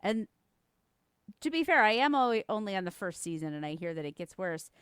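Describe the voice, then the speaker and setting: Lively, animated woman podcaster. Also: mid-range voice, a little fast, smooth, no room sound, clean studio sound. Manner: animated, laughs often, swearing. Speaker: podcast co-host. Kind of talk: casual chat.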